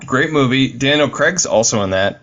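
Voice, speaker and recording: A man's voice: mid-range voice, animated, normal speed, a bit bright, highs cut off. A man co-hosting a podcast, chatting casually about films in a playful, teasing, enthusiastic way. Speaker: podcast co-host. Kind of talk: casual film chat.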